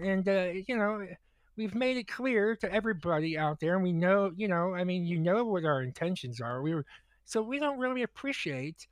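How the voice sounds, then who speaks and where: A man's voice: high-pitched, no echo. A man co-hosting a comedy podcast, telling a long, profane story in a rambling way. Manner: rambling, profane, repeats words. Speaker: podcast co-host.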